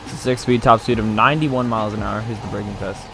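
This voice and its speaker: A man hosting a gaming channel, giving a plain, steady commentary that walks through car features. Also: on the low side, quick pace. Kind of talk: gameplay commentary. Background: faint background music.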